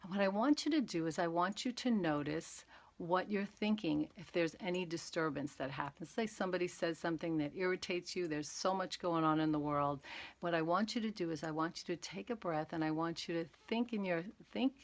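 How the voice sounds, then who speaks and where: A woman teaching mindfulness on a live stream, calmly talking listeners through breathing exercises step by step. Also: lowish voice, a little fast. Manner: calm, gentle, talks exercises through step by step. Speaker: meditation and awareness teacher.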